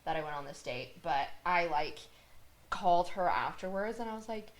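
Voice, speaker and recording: A woman's voice: fairly low pitch, animated, normal speed. A woman hosting a podcast, speaking reflectively in a casual conversation. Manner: reflective, conversational, laughs between thoughts. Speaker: podcast host.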